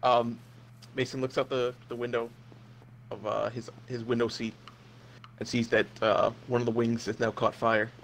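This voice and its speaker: A young man running a comedic role-play game as game master, narrating in a deadpan, crude way. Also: mid-range voice, normal speed, creaky, a little hiss or hum.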